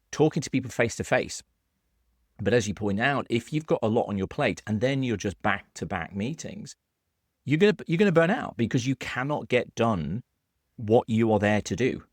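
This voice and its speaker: A British man co-hosting a podcast in a low, steady voice. He explains earnestly, often restarting his phrases. The sound is dry and close. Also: no echo. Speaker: podcast co-host. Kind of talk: conversational podcast discussion.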